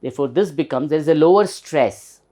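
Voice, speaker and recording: Speaking briskly in a mellow, slightly high voice, this Indian English-accented man gives a recorded pronunciation lesson, patiently spelling each word letter by letter and saying it again for emphasis.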